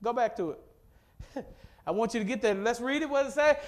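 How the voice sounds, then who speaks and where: A middle-aged pastor from Mississippi, preaching with call-and-response that swells from low and quiet to loud and fervent. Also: male voice, normal speed, pauses often. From Mississippi, USA. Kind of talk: sermon.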